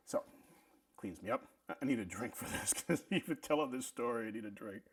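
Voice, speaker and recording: A middle-aged man telling a casual story, animated, often stammering and restarting his sentences. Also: mid-range voice, a little fast, slightly rough. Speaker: vlog host telling a story.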